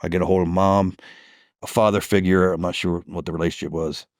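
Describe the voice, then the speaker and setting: A man's voice: deep voice, level tone, fairly quick, no room sound, clean studio sound. A man, a police detective, telling stories from the job in a podcast interview, swearing freely and acting out heated phone calls.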